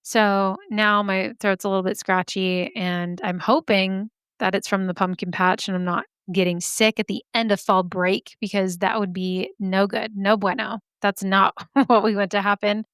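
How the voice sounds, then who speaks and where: A woman's voice: mid-range voice, steady tone, normal speed, hardly any pauses, a bit bright, clear, resonant tone, dry recording. Bubbly woman in her thirties, podcast host, chatty, a touch scratchy, dry close mic. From Arizona. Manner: bubbly, chatty, laughs often. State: slightly scratchy throat. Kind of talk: casual chat. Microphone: studio microphone.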